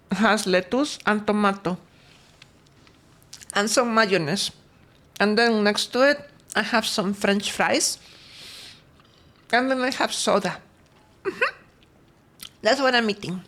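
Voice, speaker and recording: A woman's voice: mid-range voice, a bit bright. A woman streamer in casual livestream chat, talking while eating, laughing often and greeting her chat between stories.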